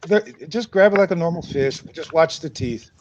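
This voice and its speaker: A man's voice: fairly high pitch, moderate pace. A man hosting from a fishing boat, talking easily and giving practical advice to his partner. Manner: relaxed, advising, chuckles often. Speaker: host angler. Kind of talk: casual chat while fishing. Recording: dull lo-fi sound with steady noise.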